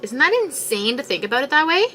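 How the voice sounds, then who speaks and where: A woman's voice: sits high, expressive, fast, bright, forceful tone, soft background music. A young woman chatting casually while she crochets, rambling and exasperated as she talks to her viewers. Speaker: crochet livestream host.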